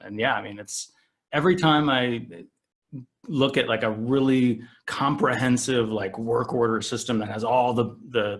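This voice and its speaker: A man co-hosting a podcast who chats in an easygoing, agreeable way and tells stories. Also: mid-range voice. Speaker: podcast co-host. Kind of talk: casual conversational chat.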